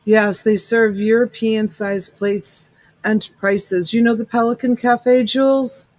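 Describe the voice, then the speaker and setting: A woman's voice: fairly high pitch, steady tone, takes it slowly, darkish tone, no room sound, rough recording. Chatty middle-aged woman, dry close sound. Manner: chatty, greets viewers by name with endearments. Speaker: live-stream reseller host. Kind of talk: casual live-stream chat. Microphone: USB desk mic.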